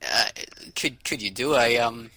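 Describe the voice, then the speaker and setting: Slow, gravelly man with a husky voice. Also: mid-range voice, pushed and bright, no echo, poor audio. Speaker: podcast co-host. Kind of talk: casual chat over a call.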